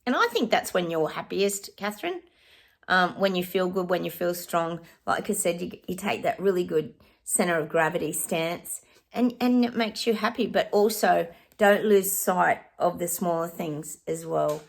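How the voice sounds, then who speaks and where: Gravelly woman, chatty psychic. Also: fairly low pitch, animated, moderate pace. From Australia. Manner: chatty, addresses viewers as guys, sings snatches of songs. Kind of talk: casual direct-to-camera reading.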